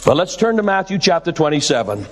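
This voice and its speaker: Older man, pastor's sermon, fairly high voice, long hall reverb, deliberate preacher's cadence. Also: very animated, fairly bright tone, a little hiss or hum. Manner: preacher's cadence, slowing for emphasis and rising for exclamations.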